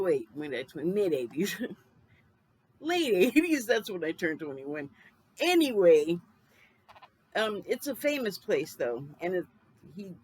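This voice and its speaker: A woman's voice: deep voice, breathy edge, poor audio. A woman in her fifties casually recapping a film. She rambles, corrects herself mid-sentence and laughs often. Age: 50s. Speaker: film reviewer.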